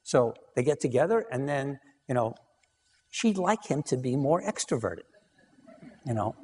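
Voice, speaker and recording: A man's voice: medium pitch, sing-song, unhurried, long pauses, a little mellow, breathy edge, long reverb tail. A man giving a conversational lecture on couples research, telling anecdotes and acting out dialogue, with frequent "you know".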